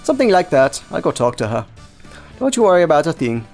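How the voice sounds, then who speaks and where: A sly, boastful schoolgirl from a visual novel, put on by a man reading aloud, talking in a Canadian accent with smug coaxing. The voice sits fairly high and swings lively through its pitch. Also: fast, faint music behind.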